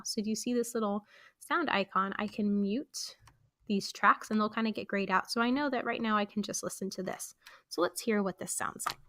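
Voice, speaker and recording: Woman, software tutorial, friendly step-by-step explaining, bright voice, dry sound. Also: mid-range voice, no echo. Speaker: teacher showing podcast editing. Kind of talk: screen-recorded software tutorial.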